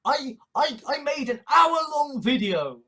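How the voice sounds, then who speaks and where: A man's voice: extremely high pitch, very animated, slow, pushed and bright. A man talking in a casual vlog monologue, stuttering and repeating himself often and swearing freely. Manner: stammering, repeating "I" over and over. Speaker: video essayist.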